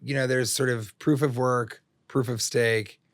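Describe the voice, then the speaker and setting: A man's voice: mid-range voice, fairly even intonation, unhurried, no room sound, clean studio sound. A middle-aged man, a comedian guest on a podcast, telling long rambling stories full of jokes and swearing. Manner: rambling, profane, jokey storytelling. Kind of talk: casual interview chat.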